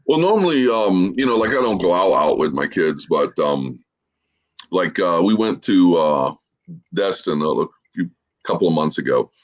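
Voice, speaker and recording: Man, 40s, from Florida, podcast guest, low voice, rambling casual storyteller. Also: big pitch swings, moderate pace, muffled recording. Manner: easygoing, rambling storyteller with many fillers. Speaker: guest, social media creator.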